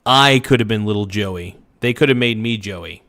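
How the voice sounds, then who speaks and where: A man's voice: on the low side, moderate pace, a bit bright. A man hosting a casual reaction livestream, rambling loosely and swearing freely. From Oregon.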